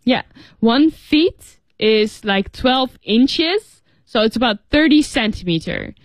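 A woman's voice: a little high, expressive, slow, dry recording. A woman co-hosting an English lesson, reading story lines and explaining phrases in a chatty way with many fillers.

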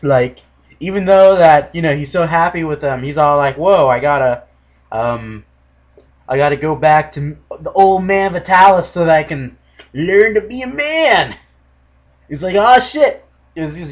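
A young man hosting a casual solo podcast, ranting with animated, exaggerated mock quotes. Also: fairly high pitch, muffled recording. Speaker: podcast host.

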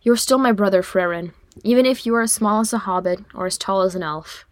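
A woman voicing a proud male dwarf lord who speaks low, weary and measured, for an audiobook reading. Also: no room sound, clean studio sound, close to an everyday voice.

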